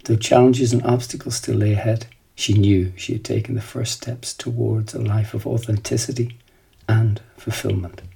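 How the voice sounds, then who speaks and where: A man giving scripted storybook narration in a slow, measured, reflective manner. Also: on the low side, level tone, gravelly, mellow, slightly rough, rough recording.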